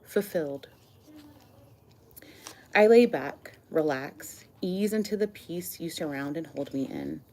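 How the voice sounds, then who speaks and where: A woman reading her own love poems aloud in a soft, earnest, slow and tender way. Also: low voice, animated.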